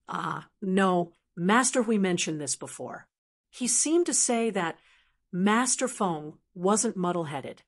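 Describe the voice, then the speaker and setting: A woman narrating a fantasy audiobook in an even, steady reading voice. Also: mid-range voice.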